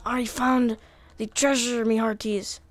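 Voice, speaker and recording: A woman's voice: a little high, level tone, slow pace, faint music behind. A woman putting on a playful pirate captain in a video game, hamming up pirate slang. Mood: hammy.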